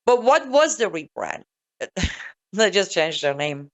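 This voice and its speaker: A woman's voice: fairly low pitch, sing-song, measured pace, pauses often. Sarcastic woman delivering political commentary. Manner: sarcastic, emphatic, repeats points for stress.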